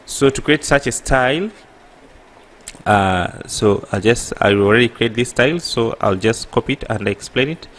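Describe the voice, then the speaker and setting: A man with an East African accent teaching an app coding tutorial, halting and correcting himself, often pausing with a rhetorical "what?". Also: medium pitch, a bit bright. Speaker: programming tutor. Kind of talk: screen-recorded coding tutorial.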